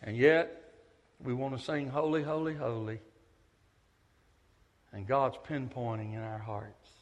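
A man preaching a sermon, telling stories with big swings from loud to hushed. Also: mid-range voice, a little slow, highs cut off. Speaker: pastor, visiting preacher. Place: church sanctuary. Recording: echoey church hall.

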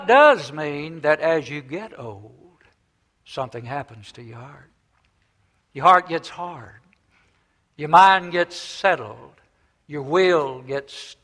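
A man preaching a sermon, swinging between loud emphatic phrases and soft, low endings.

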